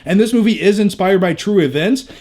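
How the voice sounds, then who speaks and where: A young man talks through his movie picks in a casual vlog voice, candid and full of jokes. His voice sits high for a man. He drops in crude asides without slowing down. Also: a little mellow. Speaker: movie review vlogger. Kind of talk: casual review chat.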